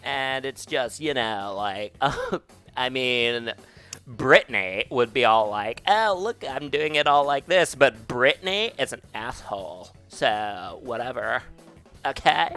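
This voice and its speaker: A man's voice: medium pitch, lively intonation, takes it slowly, bright, forceful tone, soft background music, voice pushed down, exaggerated voice. A man putting on a valley girl accent to voice a dismissive young woman in a breezy, mocking tone. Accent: Californian valley girl.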